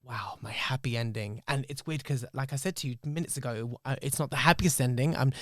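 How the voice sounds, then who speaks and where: A man, speaking on a podcast in an emotional, reflective way. His voice sits at an ordinary middle pitch. It is recorded close and dry, with no room sound at all. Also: brisk, a bit bright, no echo. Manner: emotional, reflective, swears freely. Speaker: podcast host. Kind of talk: candid podcast storytelling.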